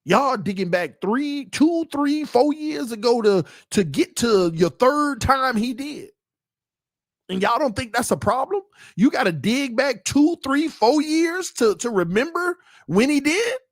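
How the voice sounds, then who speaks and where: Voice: high-pitched, expressive, unhurried, no room sound, studio quality. A sports podcast host ranting heatedly to the live chat, making points emphatically and repeating them for emphasis. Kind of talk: livestream rant to the chat.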